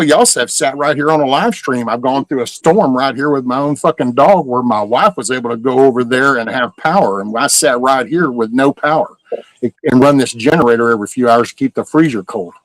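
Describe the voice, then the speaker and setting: A man's voice: medium pitch, moderate pace, no room sound, poor audio. A middle-aged man, ranting casually and profanely as host of a live stream. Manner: profane, heated storytelling.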